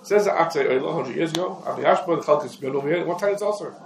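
A man teaching a lecture on Jewish law, explaining rapidly and peppering his English with Hebrew legal terms. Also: fairly high pitch, vocal fry, slight background noise. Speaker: rabbi teaching a class. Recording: echoey room.

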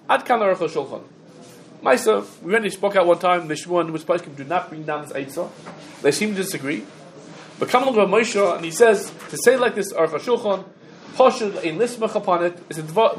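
Man, teaching halacha, quotes sources, high voice. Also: a little hiss or hum. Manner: explains rulings step by step, quotes sources, asks questions. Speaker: Torah teacher. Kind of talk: halacha class.

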